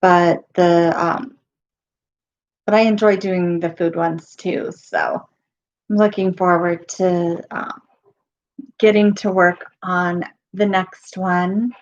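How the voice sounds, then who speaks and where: Slow, low woman losing her voice. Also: steady tone, lo-fi sound. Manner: halting, with many pauses and ums. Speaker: live stream host. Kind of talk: casual live-stream chat.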